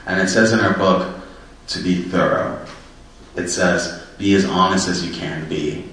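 Low-voiced man, earnest personal storyteller, very echoey room, mic set back. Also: fairly even intonation, unhurried, fairly bright tone, far from the mic, slight background noise. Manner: earnest and reflective. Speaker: person in recovery sharing his story.

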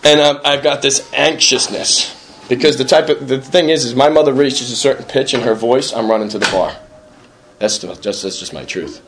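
A man's voice: mid-range voice, normal speed, fairly bright tone, a little hiss or hum. A man speaking at a recovery meeting, earnest and self-deprecating, repeating himself and often asking for agreement. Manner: repetitive, conversational, keeps asking "right?". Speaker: recovering alcoholic sharing at a meeting. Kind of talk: personal recovery talk.

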